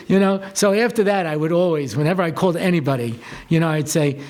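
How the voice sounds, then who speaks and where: A man with a rather high voice gives a talk as a rabbi. He tells stories in a lively, conversational way and acts out the lines of the people in them. His talk is loose and peppered with "you know". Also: racing. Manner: chatty, animated, acts out dialogue, frequent "you know". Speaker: rabbi and lecturer. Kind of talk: storytelling talk to students.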